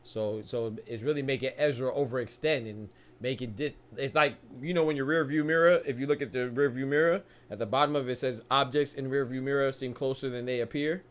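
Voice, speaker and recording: Slangy excited man calling a fight. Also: mid-range voice, fairly quick, hardly any pauses. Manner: slangy, excited, frequent restarts and laughs. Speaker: boxing commentator. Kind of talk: casual live fight commentary.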